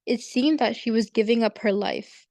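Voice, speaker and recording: A woman reads a devotional story aloud in a steady, earnest way. Her voice is slightly high, recorded dry and close. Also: moderate pace, no room sound. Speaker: reader in a devotional group.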